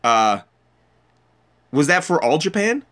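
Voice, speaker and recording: A man hosting a podcast in casual chat, chatty and quick to laugh, swearing casually. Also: on the high side, big pitch swings, fairly bright tone. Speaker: podcast host.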